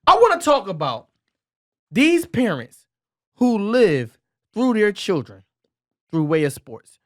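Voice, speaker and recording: A man's voice: high-pitched, huge pitch swings, takes it slowly. A man hosting a podcast in loose, profane, laughing banter, steering the talk from topic to topic. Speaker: podcast host. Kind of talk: casual banter.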